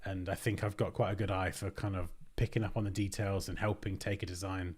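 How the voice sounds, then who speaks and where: A man's voice: deep voice, level tone, brisk, a little mellow, husky. A British man hosting a design livestream, chatting casually and thinking aloud as he works. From Britain. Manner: rambling, thinks aloud, restarts phrases.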